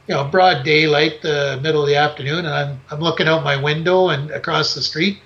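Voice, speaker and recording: Bright-voiced man telling a story. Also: fairly high pitch, brisk. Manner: animated storytelling, acts out scenes. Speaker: podcast co-host. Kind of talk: casual chat. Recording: dull lo-fi podcast audio.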